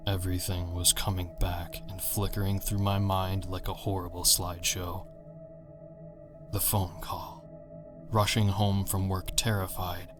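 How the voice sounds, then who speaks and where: A man narrating a horror story in a measured, tense manner. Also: low voice.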